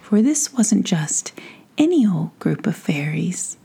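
A woman softly whispering a bedtime fairy story at home in a hushed, slow manner. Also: fairly low pitch, sing-song, creaky, slightly rough. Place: home with a pet nearby.

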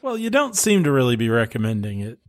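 A man's voice: mid-range voice, wildly swooping pitch, fast talker, dry recording, clean studio sound. A man co-hosting a casual chat, mostly chiming in with short reactions and questions. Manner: brief reactive interjections.

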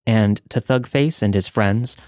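A man hosting a podcast, reading listener stories as scripted narration in a measured, dramatic way. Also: fairly low pitch.

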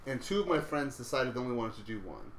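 A man's voice: medium pitch, animated, quick pace, over a noisy crowd. A young man telling a story in laid-back, casual talk, swearing freely as a podcast guest. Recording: roomy with faint noise.

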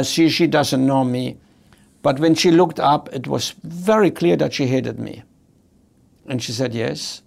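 A man's voice: a little high, creaky. An older man, a hotel executive, telling a story in an emphatic way and repeating his key points. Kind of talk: storytelling talk.

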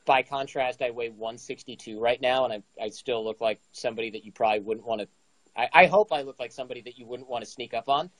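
A man's voice: medium pitch, fast talker, rough recording. A man in his forties casually telling a story, acting out the dialogue with energy. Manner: animated, acts out dialogue. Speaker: guest storyteller.

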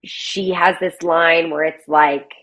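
A woman guest talks in a relaxed, conversational way. Her voice sits a touch low, and she is animated and chatty, tossing in quick mimicked lines as she retells a story. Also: low-quality recording. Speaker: guest, playwright and actor. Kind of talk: casual conversational interview.

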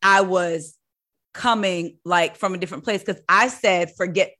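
A woman's voice: fairly low pitch, a little slow, bright, forceful tone. Woman telling a story in casual chat. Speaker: podcast co-host.

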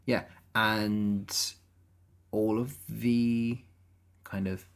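A woman's voice: rumbling low, fairly even intonation, drawn-out words. A woman co-hosting a podcast, chatting casually about a film with sarcastic asides. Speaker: podcast co-host.

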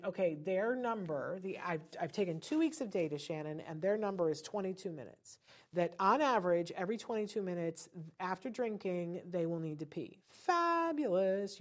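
A woman coaching parents in a chatty, animated teaching talk, now and then breaking into cheerful singsong cheers. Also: mid-range voice. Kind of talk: instructional talk.

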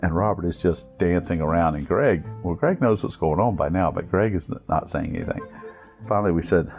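A man telling a funny scouting story, animated and chuckling, acting out other people in high-pitched voices. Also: brisk, creaky, soft background music. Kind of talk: storytelling anecdote.

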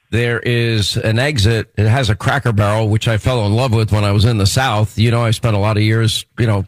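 Chatty New York radio host, dry sound. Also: male voice, lowish voice, dry recording. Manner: chatty, rambling, restarts sentences. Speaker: radio talk show host. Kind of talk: radio interview.

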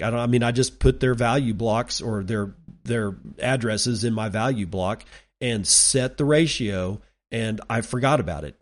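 A man's voice: mid-range voice, darkish tone. A man hosting a solo podcast, reading an article aloud and then explaining it in loose, casual asides with restarts. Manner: restarts and stumbles when speaking off the cuff. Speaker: podcast host.

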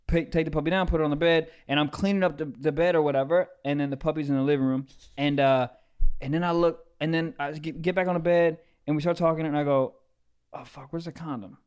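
A man's voice: on the high side, fast talker, smooth. A young man co-hosting a podcast, telling crude stories in casual comedic chat. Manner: crude, animated storytelling with laughter. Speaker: podcast co-host.

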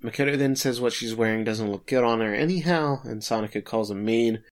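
A man's voice: mid-range voice, fairly quick. A man co-hosting a podcast, casually recapping an episode with filler words and light chuckles. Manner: laid-back summarizing with filler words and chuckles.

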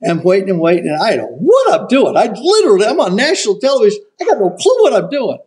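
Older male raconteur, high-pitched, lively anecdotal delivery. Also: fast, rough recording. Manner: animated raconteur, acts out quotes. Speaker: golf broadcaster telling a story. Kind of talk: casual storytelling.

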